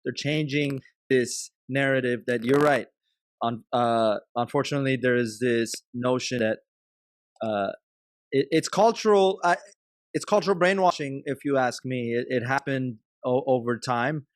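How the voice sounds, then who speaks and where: A man hosts a podcast in a dry, close room with no echo. He introduces his guest and asks his questions haltingly, filling the gaps with many pauses and fillers. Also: medium pitch. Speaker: podcast host. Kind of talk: interview hosting.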